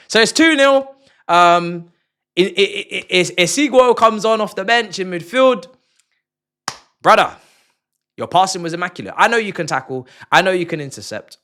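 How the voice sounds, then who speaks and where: A young man giving an excited fan reaction to a football match, playful and full of repeated words for emphasis. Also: high voice, normal speed, long pauses. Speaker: football channel host.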